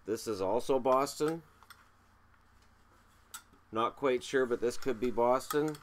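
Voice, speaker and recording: A man's voice: medium pitch, slow pace. A man with a cold, hosting a casual show-and-tell vlog, joking and mocking himself as he counts items aloud. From Canada. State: has a cold. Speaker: hockey video host.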